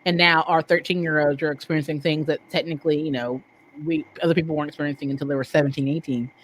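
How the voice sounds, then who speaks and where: A woman co-hosting a podcast in casual chat, animated and thinking aloud with rhetorical questions. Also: deep voice, fast talker, slight background noise, poor audio. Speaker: podcast co-host.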